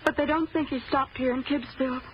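A woman voices a sweet young small-town woman in a vintage radio play, asking gentle questions in a high voice. The broadcast is muffled and carries a steady hiss. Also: brisk, close to an everyday voice. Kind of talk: 1940s radio acting. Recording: dull hissy old radio broadcast.

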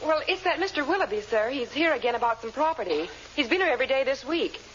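An actress playing a prim, dutiful secretary in 1940s radio comedy style. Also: female voice, high-pitched, lively intonation, quick pace. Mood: proper. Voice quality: polite, proper delivery. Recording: muffled old radio recording with hiss.

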